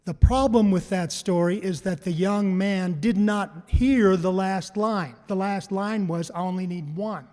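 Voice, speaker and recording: High-voiced man speaking in a hall. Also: unhurried, hardly any pauses, darkish tone. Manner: storytelling, asks the crowd questions and repeats their answers. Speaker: panel speaker on farm mental health. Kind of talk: public talk to a live audience. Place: conference hall. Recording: long hall reverb.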